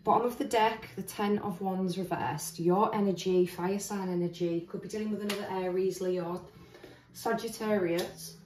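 A woman's voice: mid-range voice, steady tone, normal speed, a little mellow, slight background noise. Woman, tarot reader, chatty and earnest, thinking aloud, roomy reverb, distant mic. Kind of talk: casual spoken tarot reading. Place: indoors, standing at a table of cards. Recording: roomy echo, voice heard from a distance.

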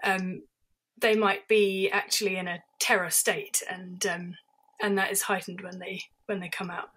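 A woman's voice: medium pitch, level tone, a little slow, fairly bright tone, husky. A woman veterinary surgeon as an interview guest, explaining carefully and thoughtfully, with hesitations. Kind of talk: interview conversation.

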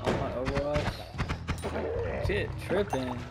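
Male co-player, unhurried, drawling slangy banter, game music running behind. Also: mid-range voice, lively intonation. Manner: laid-back slangy banter. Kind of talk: casual gaming chat.

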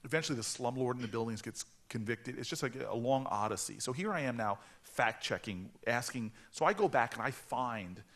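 A man in his forties from New Jersey tells stories at an author event, in a mid-range voice. He talks with animated energy and trips over his words in quick restarts. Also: mid-range voice. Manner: animated storytelling with stammering restarts. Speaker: author guest.

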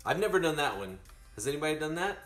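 A man chatting casually to his stream while baking, rambling and animated. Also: a little high, fast talker, reverberant, soft background music.

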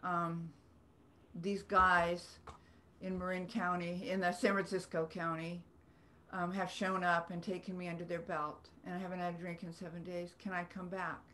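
A woman's voice: lowish voice, flat delivery, moderate pace, pushed and bright, slight background noise. A woman, an author telling rambling, earnest stories with self-deprecating humor on a video call. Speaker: author guest. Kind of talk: storytelling in a video-call book club.

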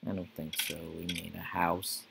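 A man's voice: deep voice, flat delivery, normal speed, vocal fry, very noisy. A man giving casual gameplay commentary, mumbling to himself and talking to the characters on screen. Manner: mumbling, talks to the game characters. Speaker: Let's Play gamer.

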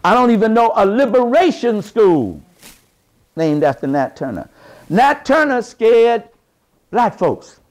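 A man giving an impassioned lecture to a live audience, speaking in a folksy, colloquial way and rising to shouted emphasis like a preacher. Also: high voice, very animated, measured pace. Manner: folksy, colloquial, with double negatives.

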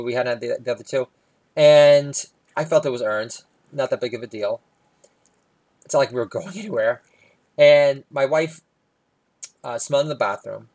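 A man tells stand-up stories about family life. His delivery is wry, with quick asides. When he quotes his small daughter, his pitch jumps up. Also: a little mellow. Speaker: stand-up comedian. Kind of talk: stand-up storytelling.

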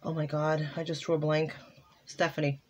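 Opening holiday cards and crafting mail at home, a woman chats casually for her vlog, exclaiming over every item. Her low voice is a little mellow, with flat delivery at a moderate pace. Slight background noise can be heard.

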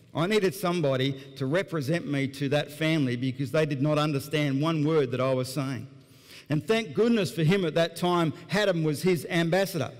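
A man with an Australian accent, a pastor preaching a sermon in a church and telling a story in an earnest, animated way, chuckling along. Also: medium pitch. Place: church auditorium. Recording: long hall reverb.

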